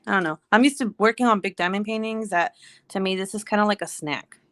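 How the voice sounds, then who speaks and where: A woman's voice: medium pitch, fast talker, fairly bright tone, dry recording. A woman in her thirties hosting a casual livestream chat while crafting, rambling and laughing through her stories. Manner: chatty, laughing, loose storytelling. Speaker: livestream host.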